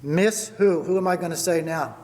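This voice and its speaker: A man's voice: fairly high pitch, normal speed, darkish tone, long reverb tail. An older man, a retiring hockey coach, giving a storytelling speech at a party and thanking people by name. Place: large event hall.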